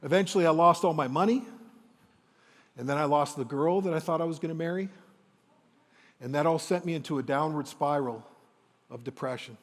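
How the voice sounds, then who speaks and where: On stage, a motivational speaker in his fifties from Windsor, Ontario, Canada tells a personal story. His fairly high voice carries a long reverb tail, and his delivery is dramatic and emotional, marked by slow, weighty pauses.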